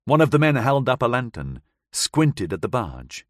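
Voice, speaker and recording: A man narrating a first-person audiobook in a measured, dramatic storytelling manner. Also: medium pitch, big pitch swings, dry recording, clean studio sound. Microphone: close studio mic.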